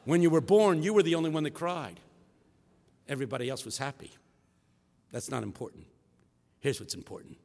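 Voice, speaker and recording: Rhythmic shouting preacher in echoey hall. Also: male voice, fairly high pitch, lively intonation, fairly quick, vocal fry, long pauses. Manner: rhythmic call-and-response preaching, swinging from shouts to hushed tones. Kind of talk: sermon.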